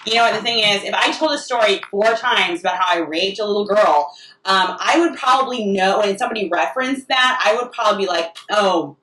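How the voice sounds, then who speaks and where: A woman's voice: mid-range voice, expressive, fairly quick, pushed and bright. A woman delivering a rambling comic monologue, often restarting her sentences. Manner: rambling and self-interrupting, full of restarts. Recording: echoey room, distant mic.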